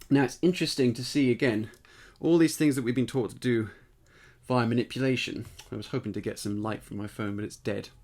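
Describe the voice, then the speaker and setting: A man giving a casual spoken singing lesson, explaining step by step and checking in with the listener, his voice tired and slightly husky. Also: medium pitch. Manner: explanatory, conversational, often checks in with "right?". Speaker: voice teacher.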